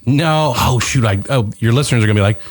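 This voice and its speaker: A man's voice: medium pitch, quick pace. A middle-aged man, a comedian guest, telling rambling stories in casual podcast chat with plenty of restarts. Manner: animated storyteller, rambling with restarts.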